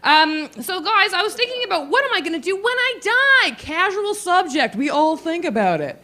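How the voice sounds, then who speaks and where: A woman's voice: very high voice, big pitch swings, moderate pace, sharp tone. A woman in her thirties performing a stand-up comedy set, playful and giggly, acting out quotes in silly voices.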